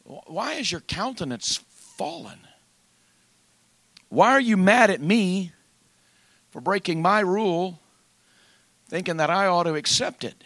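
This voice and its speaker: A man preaching, voicing God as a stern, wounded figure who quietly rebukes and questions a man. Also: high voice, lively intonation, no room sound, exaggerated voice. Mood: aggrieved. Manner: slow, aggrieved, quietly rebuking.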